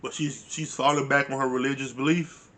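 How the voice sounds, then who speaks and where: A man's voice: medium pitch, little pitch movement, a little fast, bright, forceful tone. A man giving a casual recap of a reality show, blunt, profane and exasperated, with informal grammar. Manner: uses informal dialect grammar. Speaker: reality TV reviewer.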